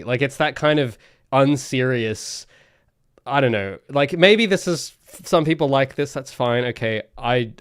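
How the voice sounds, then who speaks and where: A man's voice: mid-range voice, lively intonation, unhurried, fairly bright tone, clear, resonant tone, dry recording, studio quality. A young man who streams his game development, chatting casually in a rambling, ranty way that keeps interrupting itself. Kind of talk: casual livestream chat.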